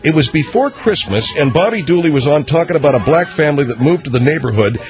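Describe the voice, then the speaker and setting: A man's voice: lively intonation, fast talker, soft background music. A man hosting a radio show, reading listener mail aloud with sarcastic asides. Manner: wisecracking, sarcastic, drifts between pitches while reading letters.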